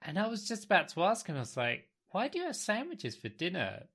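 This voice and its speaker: Bright-voiced man telling a rambling story. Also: high voice, huge pitch swings, brisk, slightly rough. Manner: meandering, storytelling, easily amused. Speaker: podcast co-host. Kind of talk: casual chat.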